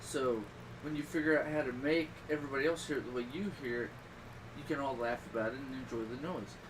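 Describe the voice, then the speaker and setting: A middle-aged man hosting a podcast, chatting casually and telling rambling stories with sudden loud bursts. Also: medium pitch, quick pace, distant mic. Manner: rambling, animated storytelling with loud outbursts. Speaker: podcast host. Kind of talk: casual chat. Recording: voice a little off-mic with clear background noise.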